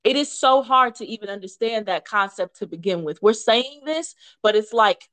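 A woman's voice: fairly high pitch, expressive, moderate pace, a bit bright, dry recording. A woman guest on a podcast, speaking in an earnest, encouraging conversational way. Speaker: podcast guest, author and advocate. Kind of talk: conversational interview.

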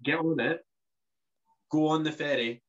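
A man's voice: a little high, unhurried, highs cut off. A man chatting casually about a trip, rambling with many restarts. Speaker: podcast co-host. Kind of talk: casual travel chat.

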